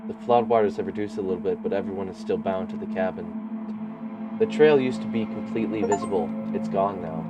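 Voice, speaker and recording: Low-voiced man reading a game aloud. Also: brisk, muffled recording, heavy background noise. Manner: casual, slangy asides. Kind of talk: reading game text aloud with casual reactions.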